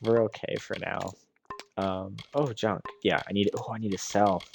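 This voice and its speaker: A man's voice: on the low side, fairly even intonation, moderate pace, vocal fry, a little hiss or hum. A tired man giving casual commentary on his game as a let's play streamer, musing aloud as he weighs his choices.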